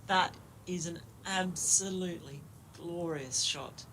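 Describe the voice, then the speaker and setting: A woman's voice: on the low side, slow, a little hiss or hum, rough recording. A young woman giving friendly, conversational live cricket commentary. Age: young adult. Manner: friendly, conversational, warmly appreciative.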